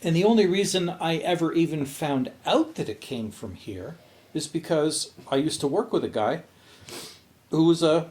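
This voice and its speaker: A man's voice: a little high, expressive, normal speed, a little mellow. A man co-hosting a podcast from Canada, telling a long story in casual chat, acting out the voices of his friends and swearing freely. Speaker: podcast co-host.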